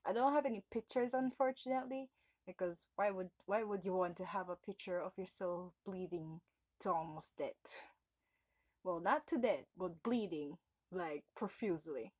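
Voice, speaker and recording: A woman's voice: on the low side, moderate pace, a little mellow, dry recording. A woman vlogger telling a personal story in a casual, rambling way, often stopping to correct herself.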